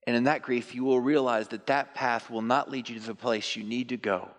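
A male pastor preaching a sermon to his church, animated, sometimes mimicking churchgoers in high put-on voices. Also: brisk. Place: church sanctuary. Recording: long reverb of a large hall.

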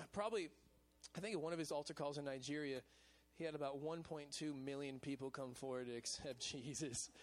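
High-voiced man preaching casually. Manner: casual and chatty, with repeated "man" and "you know what I'm saying". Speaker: pastor of a college ministry. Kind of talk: lively sermon. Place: church service.

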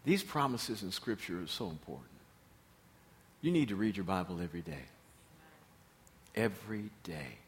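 A man's voice: deep voice, sing-song, normal speed, long pauses, a little hiss or hum. A man preaching a sermon as pastor, emphatic and repeating his key phrases.

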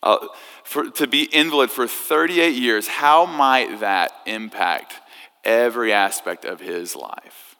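A man preaching a sermon, telling a story in a conversational, animated way. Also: mid-range voice, slow, smooth. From United States. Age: 30s. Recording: echoey hall.

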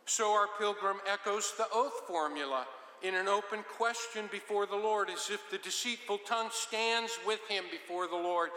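A man's voice: high-pitched, normal speed, sharp tone. A man giving verse-by-verse Bible teaching in a conversational manner with joking asides. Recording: roomy with long reverb.

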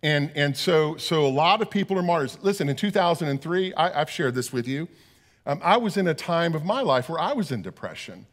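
Earnest, fairly high-voiced male pastor. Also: animated, fairly quick. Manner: earnest, repeats words as he goes. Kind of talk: sermon.

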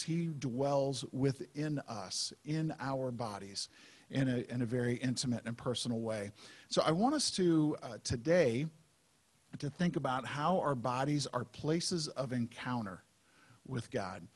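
A man preaching a sermon as pastor, in a conversational, unhurried way with frequent fillers. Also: mid-range voice, slightly rough.

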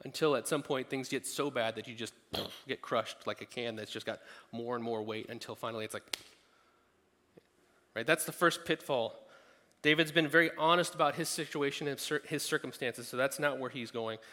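A man's voice: medium pitch, normal speed, pushed and bright. A man preaching a sermon as a pastor, earnest and conversational, with frequent restarts. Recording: long hall reverb.

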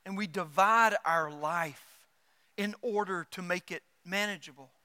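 A pastor preaching a sermon, lively and joking, acting out quoted voices. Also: male voice, high voice, unhurried, smooth, in a large hall. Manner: animated, acts out quoted voices and jokes.

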